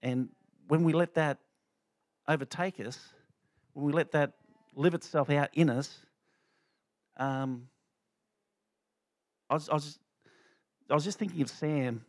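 A man's voice: on the high side, unhurried, pauses often, no room sound. A middle-aged man giving an informal church testimony, talking loosely with many fillers and restarts. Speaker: lay speaker sharing a testimony.

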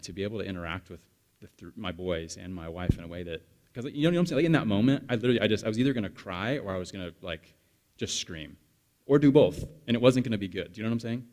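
Male pastor, 30s, lowish voice, relaxed storytelling sermon with asides to the room. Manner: chatty storytelling with the congregation, animated asides. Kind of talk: conversational sermon.

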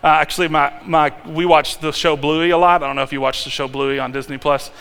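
A male pastor preaching a sermon in a conversational, animated way, with restarts and sudden loud peaks. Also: a little high, a little fast, smooth. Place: church sanctuary. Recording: long hall reverb.

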